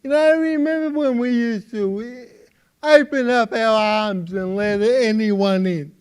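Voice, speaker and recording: A man with an Australian accent doing stand-up comedy for a live audience, with a halting delivery full of repeated words. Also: very high voice, smooth. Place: live stage before an audience.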